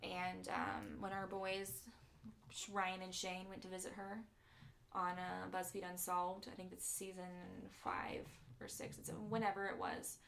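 Woman, podcast host, casual chatty storytelling, gravelly fry in the voice, many "um"s and "like"s. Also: on the low side, monotone, unhurried, fairly bright tone, slight background noise. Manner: chatty, many fillers and likes. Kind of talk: casual chat, retelling a true story. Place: podcast studio.

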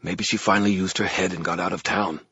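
Brief: a man voicing a cocky young guy, dry and edgy, husky, muffled audiobook sound. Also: low voice, fairly even intonation, quick pace, bright, forceful tone, no room sound, pitched above the performer's own voice, heavily acted. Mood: sarcastic.

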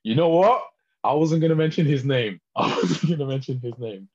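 Husky lad, lo-fi. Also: male voice, on the high side, normal speed. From northern England. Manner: animated storyteller, laughs often. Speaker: podcast co-host. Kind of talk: casual chat.

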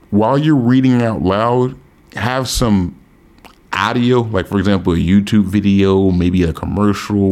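A man giving casual, profane advice to his viewers, animated and emphatic, often repeating himself. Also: on the low side. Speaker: language learning vlogger. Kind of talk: casual advice monologue to camera.

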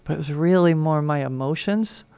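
A woman with a gravelly yet smooth voice reflects on her own experiences. She co-hosts a radio talk show, and the sound is dry and close. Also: deep voice, moderate pace, warm tone, dry recording. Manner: reflective, personal storytelling. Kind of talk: casual spiritual talk. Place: radio studio.

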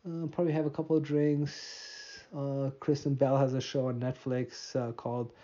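A man's voice: mid-range voice, flat delivery, normal speed, dark tone, dull audio. A tired man hosting a casual solo podcast, rambling and mocking himself with many restarts and fillers. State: tired, yawning. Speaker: podcast host.

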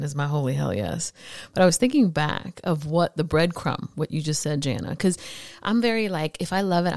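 A woman in her late thirties, of Puerto Rican background, telling a personal story in a podcast chat, animated and laughing as she acts out the quotes. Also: low voice, gravelly, no echo, studio quality. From Puerto Rico. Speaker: podcast guest. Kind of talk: casual storytelling.

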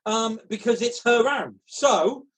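High pitched guy hosting a comedy quiz on a video call, reads answers all dramatic. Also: expressive, takes it slowly, fairly bright tone. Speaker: quiz host. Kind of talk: comedy panel show chat over video call.

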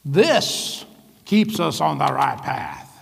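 A man preaching a sermon as pastor, lively, often laughing and calling out to the congregation. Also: fairly high pitch, takes it slowly, creaky, husky, in a large hall. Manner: lively, laughing often, calls out "come on" and "right?".

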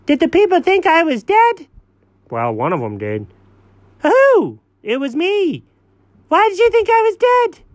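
A man voicing a high-pitched, indignant house cat who complains in a shrill, exasperated way. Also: wildly swooping pitch, a little slow, no room sound, heavily acted.

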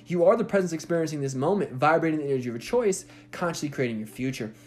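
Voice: mid-range voice, animated, quick pace, darkish tone. A spiritual self-help speaker giving a casual motivational monologue, repeating phrases for emphasis and swearing freely.

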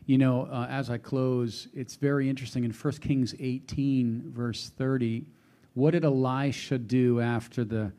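A man's voice: medium pitch, dark tone. A man preaching a sermon to a live congregation, quoting scripture and putting questions to his listeners.

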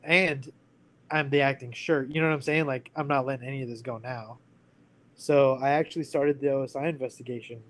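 A man's voice: mid-range voice, fairly even intonation, brisk, poor audio. Earnest man in his thirties. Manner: candid and earnest, full of fillers like "like" and "you know". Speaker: guest telling a personal story. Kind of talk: casual conversational storytelling.

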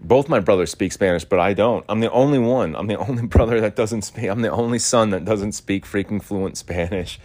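A young man with a deep, low voice talks off the cuff in a loose, rambling monologue. He leans on endless filler words and casual swearing, drifting from one thought to the next like an unscripted podcast host. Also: a little fast, hardly any pauses, a little mellow.

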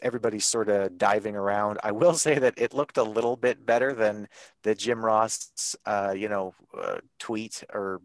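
A man's voice: on the low side, normal speed, dry recording. A man from Ontario with a Canadian accent, co-hosting a casual wrestling podcast and recapping the show with an easygoing, laughing manner. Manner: easygoing, laughs often, loose fillers. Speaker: podcast co-host.

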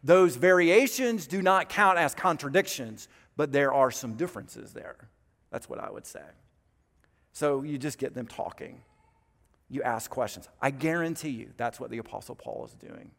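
A pastor preaching a sermon in an earnest, emphatic way, building up with repeated phrases. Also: male voice, mid-range voice, normal speed, fairly bright tone. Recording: long reverb of a large hall.

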